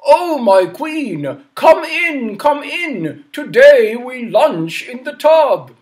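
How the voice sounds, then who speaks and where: Stubborn booming old monarch, a storyteller puts him on; playful, grand, storybook. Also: male voice, very animated, drawn-out words, exaggerated voice. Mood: jolly. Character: stubborn old king who won't leave his bath.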